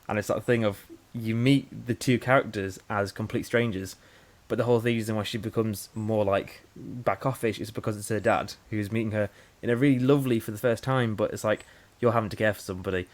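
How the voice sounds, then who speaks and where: A man in his twenties co-hosting a podcast, telling stories in a lively way and acting out the dialogue. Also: lowish voice, brisk. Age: 20s. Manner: animated storyteller, acts out dialogue. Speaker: podcast co-host. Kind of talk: casual podcast chat.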